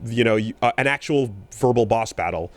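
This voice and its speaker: A man co-hosting a podcast in casual chat, talking in a rambling, animated way with many fillers and restarts. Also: medium pitch, brisk, dry recording. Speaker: podcast co-host.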